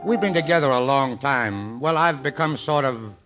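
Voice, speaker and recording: A man's voice: mid-range voice, normal speed. Wisecracking man on old radio. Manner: wisecracking, sings sentimental ballad. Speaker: comedy show host and singer. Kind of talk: 1940s radio comedy. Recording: dull old radio broadcast with music.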